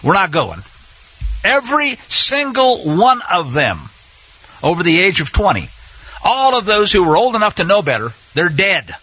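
A man's voice: sits high, big pitch swings, normal speed, bright, forceful tone, slightly rough, no room sound. A man teaching a sermon-style Bible lesson. He speaks emphatically, asks rhetorical questions and repeats phrases for effect. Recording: dull, dry lo-fi sound.

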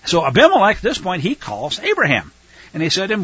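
A man teaching scripture verse by verse with a bright, animated delivery, explaining Hebrew words along the way. His voice sits a little high and slightly husky, and he breaks into casual paraphrases. The recording is dull and lo-fi. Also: fast. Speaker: Bible teacher.

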